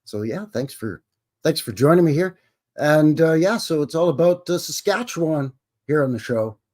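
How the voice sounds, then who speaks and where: Middle-aged western canadian guy chatting on a live stream, folksy, says eh a lot, bouncy pitch. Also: expressive, normal speed, a little mellow. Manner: folksy, greets viewers by name, frequent "eh". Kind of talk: casual live stream chat.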